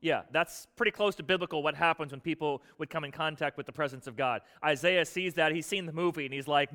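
Forceful, bright-voiced male preacher. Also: quick pace, few pauses, long reverb tail. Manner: conversational preaching with casual slang and rhetorical questions; drops to a hushed low voice for solemn points. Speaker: pastor. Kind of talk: sermon.

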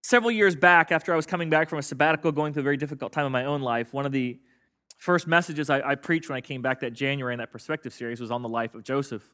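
A pastor delivers a sermon in a church sanctuary in a casual, joking style, getting the congregation to call out responses. His medium-pitched voice is bright and pushed, and he races along.

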